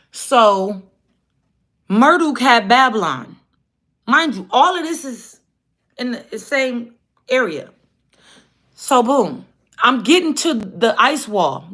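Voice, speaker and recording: A woman hosting a livestream, telling a story in a casual, animated and profane way. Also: fairly high pitch. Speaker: livestream host.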